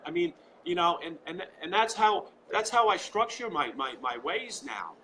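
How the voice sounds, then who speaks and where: A man with a New York accent talks as an interview guest. His voice sits a little high and rings bright and forceful. He speaks with fervent conviction and circles back on his words. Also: animated, moderate pace, slight background noise, rough recording. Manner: fervent, repeats "you know" often. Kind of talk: casual interview chat. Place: at home.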